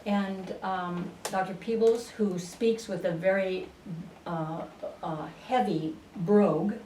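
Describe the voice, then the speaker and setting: A woman being interviewed on a radio show, telling her story at an unhurried pace with many fillers and restarts. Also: medium pitch, fairly even intonation, mellow. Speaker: interview guest, spiritual channeler. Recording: roomy, distant radio studio sound with faint noise.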